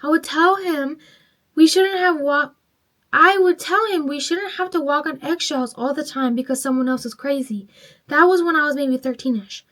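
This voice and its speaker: A woman's voice: high-pitched, moderate pace, a bit bright. A tipsy woman vlogger reading online stories aloud while doing her makeup, chatty and swearing freely as she reacts to each story.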